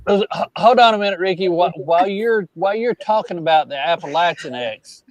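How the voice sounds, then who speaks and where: A fairly high-pitched man chats in a jovial, talkative way and keeps steering the conversation. His voice sits close and dry, with no room sound around it. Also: a little fast, no room sound, highs cut off. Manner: jovial, chatty, steers the talk. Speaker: guest, trailer owner. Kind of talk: casual podcast chat.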